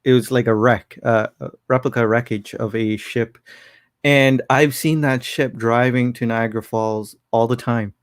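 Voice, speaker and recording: A man co-hosting a casual livestream, laughing easily and talking through watch video reviews in a relaxed, rambling way. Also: medium pitch, moderate pace, dry recording, studio quality. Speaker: co-host.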